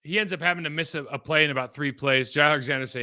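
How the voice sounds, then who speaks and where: A man's voice: mid-range voice, rapid-fire, pushed and bright, smooth. A man casually breaking down football game film, talking in a rambling, conversational way that trails off and restarts.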